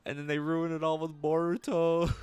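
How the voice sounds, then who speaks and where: A man's voice: on the high side, darkish tone, clean tone, dry recording. A man streaming games and chatting casually, rambling, laughing often and swearing freely. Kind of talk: casual livestream chat.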